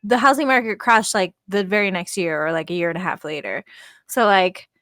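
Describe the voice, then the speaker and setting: A woman's voice: medium pitch, a little fast, a bit bright, dry recording, studio quality. Chatty woman in her thirties. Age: 30s. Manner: chatty, rambling, laughs often, many fillers. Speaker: co-host. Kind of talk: casual live-stream chat.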